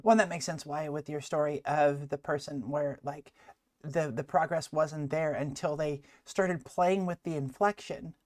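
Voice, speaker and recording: A woman hosting a talk show, interviewing her guest in a relaxed conversational way, and often restarting her sentences. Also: low-pitched, normal speed. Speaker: show host.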